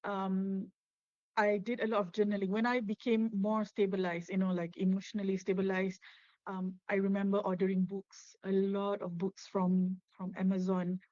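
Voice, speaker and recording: A middle-aged woman, giving halting personal testimony as a webinar guest over a video call. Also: mid-range voice, level tone, mellow, dry recording. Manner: halting, many fillers and restarts. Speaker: guest, suicide loss survivor. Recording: dull, dry lo-fi webinar audio.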